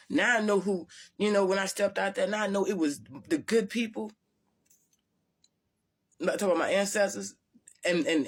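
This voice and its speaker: A woman vlogger telling her story to viewers in a blunt, profane, rambling way with many restarts. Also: on the low side. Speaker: spiritual vlogger.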